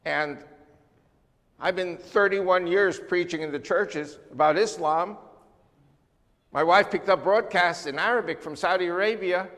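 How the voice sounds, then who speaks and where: A man's voice: high voice, a little slow, long reverb tail. Older man lecturing in a church. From United States. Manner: emphatic, animated lecturing with sweeping lists. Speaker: guest speaker. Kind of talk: church talk on world politics.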